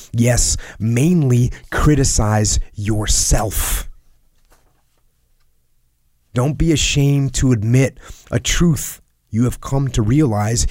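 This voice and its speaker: A man reading a personal letter aloud in a solemn, earnest and measured way, sometimes dropping to a hush. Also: medium pitch, no room sound, studio quality. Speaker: reader of a letter.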